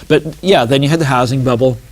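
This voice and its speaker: A man talking as an author and interview guest, animated and digressive, with many asides and restarts. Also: medium pitch, quick pace. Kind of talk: casual interview talk.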